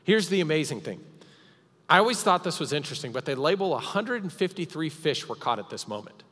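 A man's voice: fairly high pitch, sing-song, a little fast, fairly bright tone, husky. A male pastor preaching a sermon at a live church service, retelling a story dramatically with emphatic repetitions. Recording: long reverb of a church hall.

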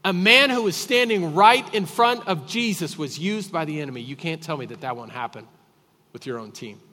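A man preaching a sermon as pastor, emphatic and repetitive, swinging between loud and quiet. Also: on the high side, normal speed, in a large hall. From Texas.

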